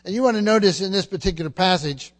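A man's voice: sits high, fast. A man preaching a sermon, emphatic and teaching, often repeating words and asking the congregation questions.

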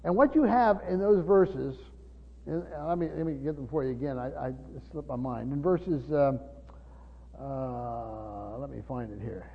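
A man's voice: medium pitch, a little slow, creaky, breathy edge. An older man preaching a sermon, teaching earnestly with frequent restarts and repeated words. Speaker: pastor. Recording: dull lo-fi sound with long church reverb.

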